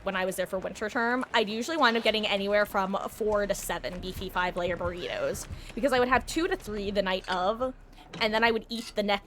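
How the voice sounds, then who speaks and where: A woman streamer chats in a loose, rambling way while she plays, her voice sitting at an ordinary middle pitch. She talks from a home setup into a desk microphone, with a faint hum of room ambience behind her. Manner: chatty, rambling, animated with sudden shrieks. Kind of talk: casual live-stream chat while gaming.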